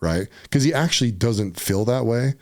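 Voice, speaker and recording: A man from Utah, a podcast guest, telling a personal story in a casual, animated way, often saying "dude" and "right?". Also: mid-range voice, moderate pace.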